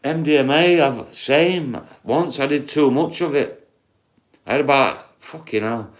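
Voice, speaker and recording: A man's voice: mid-range voice, a little slow. A man with a Yorkshire accent hosting a livestream, telling rambling, sweary stories and chatting to his viewers. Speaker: livestream host.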